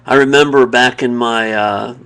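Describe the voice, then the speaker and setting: A man giving an earnest, reflective personal devotional talk, pausing and restarting mid-thought. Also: medium pitch, fairly even intonation, fairly bright tone, clear, resonant tone. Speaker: devotional video speaker.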